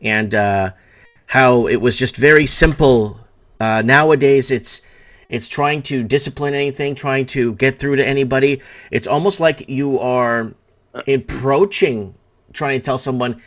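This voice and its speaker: A man's voice: medium pitch, unhurried, fairly bright tone. Rambling man hosting a call-in chat. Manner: rambling, anecdotal. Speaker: host.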